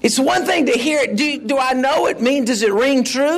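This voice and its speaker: A middle-aged man preaching a sermon in a folksy, animated way, with asides to the congregation. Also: extremely high pitch, normal speed. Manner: folksy, animated, with asides and shouted mock-rants. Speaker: pastor.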